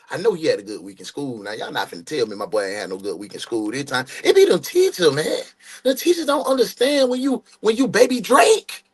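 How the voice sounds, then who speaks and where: Young man, live stream host, hypes every viewer in chat with a high, swooping voice. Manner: animated, hypes and shouts out chat viewers by name. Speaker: host of a live true crime reaction stream.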